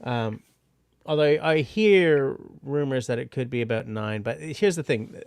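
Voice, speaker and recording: A man's voice: mid-range voice, expressive, unhurried, darkish tone, clean tone, dry recording, clean studio sound. Man from canada, stream host, rambling casual chat, self-mocking jokes. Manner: rambling, self-deprecating, jokey. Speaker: livestream host. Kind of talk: casual late-night chat.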